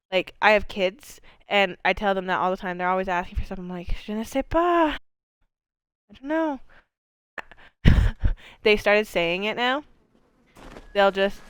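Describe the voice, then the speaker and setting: A woman's voice: mid-range voice, clean tone, no room sound. A woman streamer giving casual, rambling commentary while she plays, with lots of fillers, the odd swear word and easy laughter. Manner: laughs easily. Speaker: game streamer.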